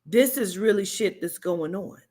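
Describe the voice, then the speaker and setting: A woman's voice: mid-range voice, expressive, normal speed, a little mellow. A woman in a casual vlog, emotionally recapping a movie she saw, speaking candidly with fillers and the odd swear word. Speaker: vlogger and spiritual reader.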